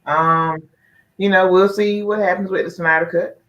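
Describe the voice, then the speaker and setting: A man's voice: high voice, steady tone, normal speed, sharp tone. A man talking in a laid-back, slangy way as a guest on a casual online show, filling his speech with "you know". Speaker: guest co-host. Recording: dull lo-fi audio.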